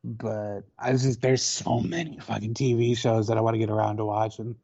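A man's voice: on the low side, steady tone, normal speed, mellow. A man co-hosting a podcast, teasing and swearing in loose casual chat. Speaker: podcast co-host. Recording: dull lo-fi sound.

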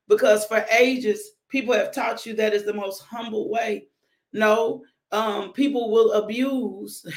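A woman minister preaching a devotional. Her voice sits at a middle pitch with plenty of gravelly fry. She speaks emphatically, repeating her points in loose, casual phrasing. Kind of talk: devotional sermon.

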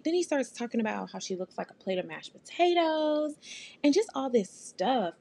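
Gravelly, blunt woman podcast host. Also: lowish voice, a little mellow. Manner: blunt, profane, sarcastic. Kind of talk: casual commentary rant.

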